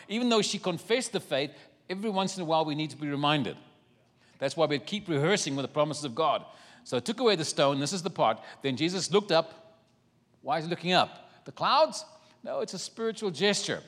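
A man preaching a sermon, retelling a scripture story with animated, acted-out voices and asides. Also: a little high, moderate pace, long reverb tail.

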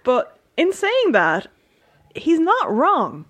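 A woman's voice: high-pitched, huge pitch swings, drawn-out words, fairly bright tone, no room sound, highs cut off. A woman co-hosting a podcast, chatting casually about wrestling with a wry, self-deprecating bluntness. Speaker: podcast co-host. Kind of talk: casual chat reviewing a wrestling show.

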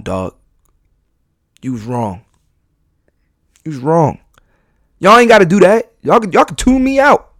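A man's voice: medium pitch, no room sound, clean studio sound. A man hosting a podcast, talking candidly in a rambling, confessional way full of slang and restarts. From New York. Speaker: podcast host.

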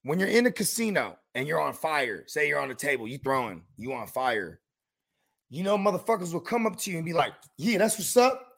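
Male podcast co-host, high gravelly voice, loud profane storyteller. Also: fairly quick. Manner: loud, profane, animated storytelling with acted quotes. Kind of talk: casual sports chat.

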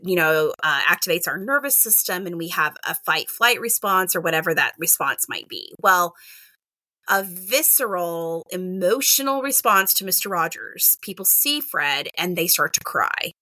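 Middle-aged woman, kindergarten teacher, bright voice, dry close sound, animated casual chat. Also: lowish voice, moderate pace, no echo. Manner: animated, acts out quoted exchanges, many "like" and "right?" fillers. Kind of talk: casual interview talk.

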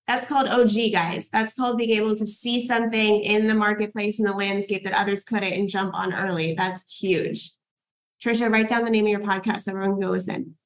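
A woman's voice: mid-range voice, fairly even intonation, a little fast, low-quality recording. A young woman hosting a workshop as a podcast coach, enthusiastic and hyped, swearing casually as she cheers people on.

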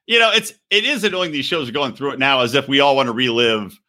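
A man's voice: mid-range voice, fast talker, sharp tone. A man in his thirties co-hosting a casual, sarcastic reality TV podcast, swearing freely. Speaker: podcast co-host. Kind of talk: casual comedic chat.

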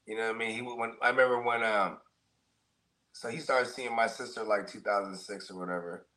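Excitable, swearing male podcast co-host. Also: fairly low pitch, a little fast. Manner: excitable, swears casually, says bro and you know what I mean. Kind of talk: casual chat.

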